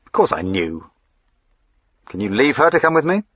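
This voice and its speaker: A man's voice: mid-range voice, big pitch swings, moderate pace, fairly bright tone, dry recording, highs cut off, pitched above the performer's own voice. A man playing a sardonic, testy aristocrat. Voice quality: clipped, sardonic. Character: sardonic moody young aristocrat, short-tempered. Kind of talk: audiobook character voicing.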